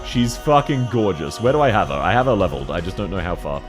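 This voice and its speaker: A young man casually chatting on a livestream, frank and quick to laugh, answering his viewers while he has the hiccups. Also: low voice, very animated, over music. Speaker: streamer.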